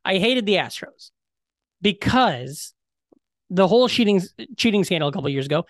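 A man co-hosting a podcast in casual chat, animated and joking, swearing often as he jumps between topics. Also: sits high, moderate pace, no room sound, clean studio sound. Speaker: podcast co-host.

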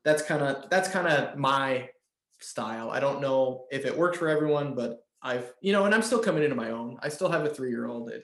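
A man's voice: mid-range voice, animated, moderate pace, reverberant. A man in his thirties, a father, chatting casually on a podcast with many fillers and restarts. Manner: rambling, lots of fillers and restarts. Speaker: podcast co-host.

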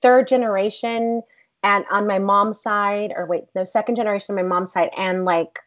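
Animated Texan actress, interview guest, rambling anecdotes, slightly muffled recording. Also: female voice, medium pitch, normal speed. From Texas. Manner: animated, rambling, many fillers like "like". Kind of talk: casual interview storytelling.

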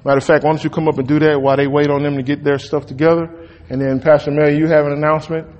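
A man preaching a sermon in a church, folksy and emphatic, with sudden loud peaks. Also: fairly high pitch, little pitch movement, rapid-fire, muffled recording. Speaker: pastor. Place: church sanctuary. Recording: long reverb of a church hall.

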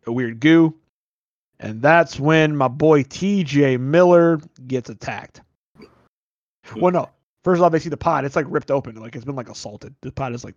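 A man's voice: fairly high pitch, no echo, highs cut off. Rambling man recapping a movie. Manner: rambling, filler-heavy retelling with frequent "like"; swears casually. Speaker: podcast host.

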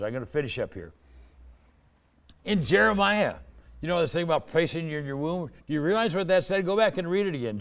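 A man preaching a sermon, telling a personal story with acted-out dialogue, swinging between loud emphasis and hushed asides. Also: on the high side. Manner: acts out dialogue in his stories.

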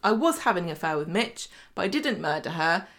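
A woman's voice: on the low side, sing-song, a little fast, a bit bright. Chatty woman recapping a soap. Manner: chatty recapping, acts out quoted lines, laughs often. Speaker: podcast co-host recapping a soap. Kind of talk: casual chat.

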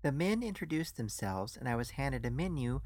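A man's voice: mid-range voice, big pitch swings, moderate pace, darkish tone, no echo. Man reading a surreal story. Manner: dry first-person storytelling. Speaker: narrator. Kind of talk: scripted audiobook narration.

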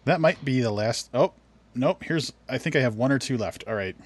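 A man's voice: medium pitch, lively intonation, moderate pace, slightly rough. A man hosting a casual podcast quiz, teasing his co-host, giving hints and reading tweets aloud.

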